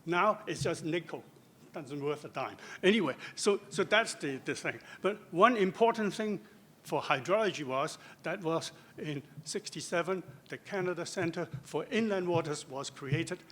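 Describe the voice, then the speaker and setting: A man's voice: fairly high pitch, lively intonation, normal speed, fairly bright tone, slight background noise. Older man giving a joking conference talk. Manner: joking, chatty lecturing with asides. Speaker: guest lecturer.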